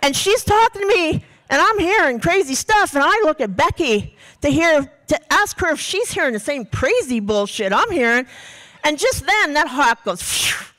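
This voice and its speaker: A woman telling a true story live on stage, her bright voice swinging widely up and down as she acts out each moment. Comic and animated, she drops casual swears into the telling. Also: sits high, normal speed. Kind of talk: live personal storytelling without notes.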